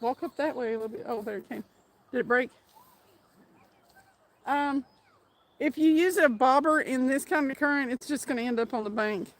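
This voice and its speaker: Beside a fast-flowing trout stream, a female fishing livestreamer chats casually with viewers, calling out their names and laughing frequently. She speaks at a moderate pace in a high-sitting voice, pausing often.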